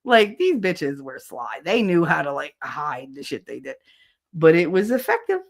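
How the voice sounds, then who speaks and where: A woman's voice: deep voice, sing-song, normal speed, vocal fry. A woman from New Jersey hosting a casual livestream, reading chat comments, blunt and swearing and often laughing. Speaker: host.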